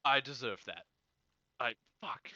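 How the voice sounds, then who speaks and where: A man playing a tabletop game, joking and animated, cutting in with ideas. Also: medium pitch, dry recording, muffled recording. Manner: animated, joking, quick to interrupt. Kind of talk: casual in-character chat.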